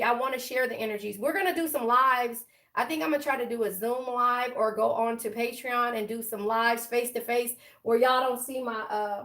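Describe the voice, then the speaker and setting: Gravelly, chatty woman tarot reader. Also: fairly high pitch, fairly bright tone, far from the mic. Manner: chatty, affectionate, emotional. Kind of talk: casual tarot reading to viewers.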